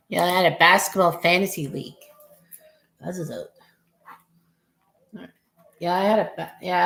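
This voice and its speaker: Gravelly woman in her forties calling baseball. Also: fairly low pitch, roomy sound. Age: 40s. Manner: rambling, chatty, swears at bad plays. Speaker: fan streamer calling a baseball game. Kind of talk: casual play-by-play commentary.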